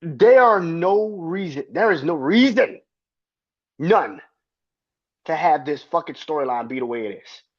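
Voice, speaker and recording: A man's voice: on the high side, very animated, a little slow, pauses often. A man hosting his own podcast, ranting in a heated, profane and emphatic way. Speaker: podcast host. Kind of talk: solo podcast rant. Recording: dull lo-fi sound.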